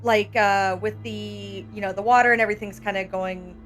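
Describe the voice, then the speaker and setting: A woman at mid pitch playing a tabletop game, explaining her action in a tentative, filler-heavy way. Faint music runs underneath her voice. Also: steady tone, normal speed. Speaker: player.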